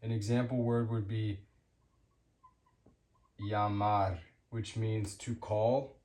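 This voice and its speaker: A man giving a casual spoken language lesson, hesitant with many fillers, repeating example words slowly. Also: lowish voice, flat delivery, mellow, reverberant. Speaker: language teacher.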